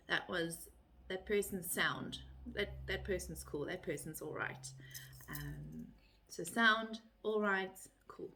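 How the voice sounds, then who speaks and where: A middle-aged woman with a South African accent talks casually to her camera. Her voice is bright and forward. She keeps things light-hearted and jumps her pitch up when she mimics a phrase. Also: takes it slowly, a little hiss or hum. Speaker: vlogger.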